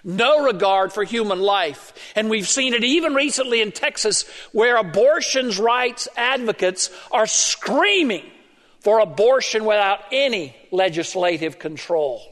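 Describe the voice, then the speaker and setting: High-voiced man preaching in a reverberant hall. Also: lively intonation, fairly bright tone. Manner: emphatic preaching, drawn-out stressed words. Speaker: pastor. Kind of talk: sermon. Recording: long reverb of a large hall.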